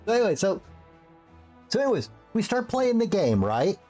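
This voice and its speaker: A man's voice: high voice, moderate pace, soft background music. A man streaming, telling a long rambling story in casual chat. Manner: animated, rambling, lots of restarts.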